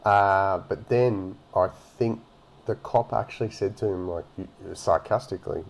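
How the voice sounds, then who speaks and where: Man, low voice, gravelly, swearing, mocking commentary. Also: lively intonation, normal speed, a little mellow. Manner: ranting and mocking, heavy swearing. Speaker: reaction commentator. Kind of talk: casual profane commentary on a video.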